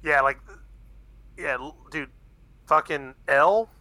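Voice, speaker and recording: A man casually chatting on a podcast, excitable, swearing freely and using laid-back slang, sipping beer as he talks. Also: on the high side, slow, no echo. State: drinking beer while talking. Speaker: podcast co-host. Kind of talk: casual chat recapping an anime.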